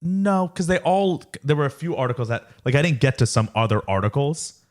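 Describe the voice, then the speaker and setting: A man's voice: fairly high pitch, expressive, fairly quick. A young adult man co-hosting a casual podcast, chatting loosely with lots of "like" fillers. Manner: casual, fills with "like". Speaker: podcast co-host, son.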